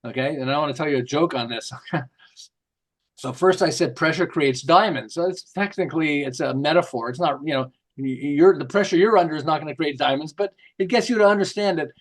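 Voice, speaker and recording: A middle-aged man, a marketing author, telling lively stories in an interview and acting out the quotes. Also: a little high, a little fast. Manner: lively, jokey, acts out quotes with laughs. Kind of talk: animated storytelling interview.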